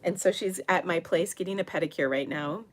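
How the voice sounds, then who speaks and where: A middle-aged woman hosting a craft livestream from her home, chatting in a rambling way with frequent laughs and hushed asides. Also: on the low side, brisk, slight background noise. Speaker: papercraft livestream host. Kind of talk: casual livestream chat.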